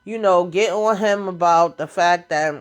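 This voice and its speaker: A woman's voice: on the low side, unhurried. A woman giving a casual, slangy recap of a TV episode and talking back to the characters. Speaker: TV recap vlogger.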